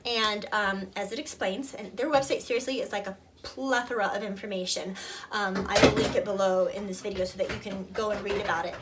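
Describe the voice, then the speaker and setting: A woman's voice: mid-range voice, fairly even intonation, a little fast. A woman and mother giving a heartfelt review to camera, earnest and emotional, rambling with fillers. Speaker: product reviewer, mother of toddler twins. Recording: distant mic with clear background noise.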